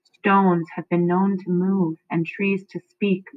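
A woman teacher reading aloud as Macbeth, a haunted and frantic king, slowly and with a raised, louder voice. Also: flat delivery. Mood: shaken. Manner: reads the verse slowly, rising in pitch and loudness. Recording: dry, tinny phone-like sound.

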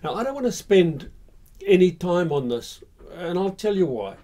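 A male history host tells his story casually, pausing on "uh" and "um" as he goes. His voice is mellow and warm and sits slightly high for a man. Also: very animated. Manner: conversational with frequent fillers.

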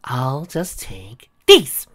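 A man's voice: medium pitch, sing-song, brisk. A man voicing a proud young princess in a fan-made story reading, with a prim, superior tone.

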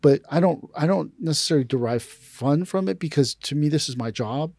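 Gravelly and fairly high-pitched, an aikido teacher's voice moves briskly through a dry, clean studio recording. He tells stories casually on a podcast, animatedly playing the people he quotes.

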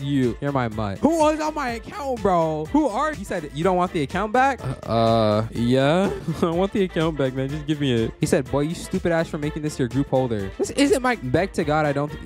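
An excitable young man commenting on his gameplay, his slightly high voice swinging wildly between mocking chat read-outs and panicked outbursts. Clear game music plays steadily behind him. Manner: excitable, reads chat aloud in mocking tones, panicky bursts. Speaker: gaming youtuber.

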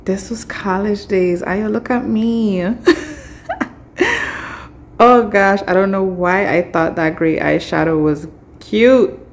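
A woman's voice: mid-range voice, slow, long pauses, slight background noise. A young woman vlogging casually to her phone camera, chatty and emotional, talking straight to her viewers. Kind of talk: casual vlog talk to camera.

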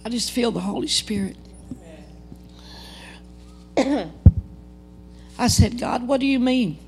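Older woman preaching, gravelly voice. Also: a little high, takes it slowly, darkish tone, faint music behind. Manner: earnest, dramatic storytelling with quoted dialogue. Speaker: guest preacher. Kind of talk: testimony sermon. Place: church service.

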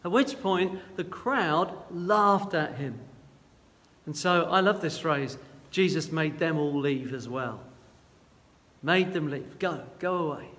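A man preaching a sermon as a guest, retelling a Bible story in an earnest, gentle and halting way. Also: a little high, long reverb tail.

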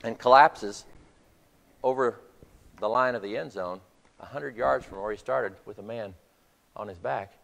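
A man's voice: on the low side, measured pace, vocal fry, long pauses, a bit bright, big-room sound. A man preaching a sermon to his congregation, retelling a film scene as a story. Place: church hall.

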